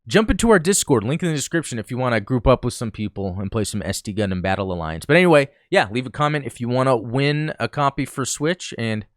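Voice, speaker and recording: A man's voice: medium pitch, fast talker, few pauses, no echo, studio quality. Chatty man talking over gameplay. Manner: relaxed, chatty, many fillers. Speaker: gaming channel host. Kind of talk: casual gameplay commentary.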